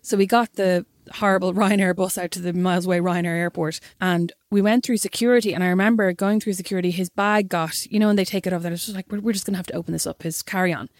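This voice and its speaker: A woman's voice: fairly low pitch, fairly even intonation, fast talker, hardly any pauses, no room sound, clean studio sound. A young Irish woman, a podcast co-host, telling a story in casual chat and acting out the quotes.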